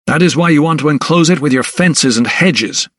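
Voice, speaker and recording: A man's voice: fairly high pitch, moderate pace, fairly bright tone, dry recording, studio quality, voice pushed up. A man voicing a hot-tempered young doctor in an audiobook, speaking with heated indignation. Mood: indignant.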